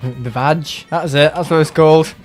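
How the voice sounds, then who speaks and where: A man talks loosely during a live gameplay stream, drifting from one tangent to the next. His voice sits a little high for a man, and he often slips into mocking impressions of other people. Faint game music plays underneath. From England. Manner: rambling, sarcastic, mimics other people in put-on voices. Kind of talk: casual live-stream chat while playing.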